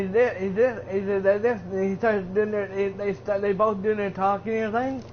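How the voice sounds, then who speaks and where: A man's voice: high voice, steady tone, normal speed. A man who streams, giving a casual, rambling recap of a wrestling show. He uses lots of fillers and restarts his sentences. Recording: dull lo-fi with faint hiss.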